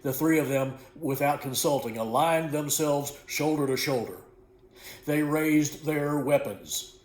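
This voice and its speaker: A man reading aloud from a book he wrote, in an unhurried, folksy way, correcting small slips as he goes. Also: a little high, a little mellow. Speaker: author reading his own book. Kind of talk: storybook narration. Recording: echoey room.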